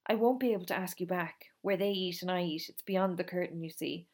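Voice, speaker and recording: A woman reading aloud, voicing a small, intense orphan girl who speaks quietly and earnestly. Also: on the low side, a little fast. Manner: quiet and earnest, sometimes hushed.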